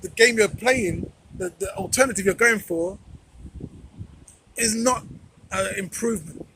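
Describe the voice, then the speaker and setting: Guy vlogging his take on something, pretty high voice, hammers his points over and over, faint hiss behind. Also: bright, forceful tone, rough recording. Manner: emphatic, repeats phrases for stress. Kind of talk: commentary vlog.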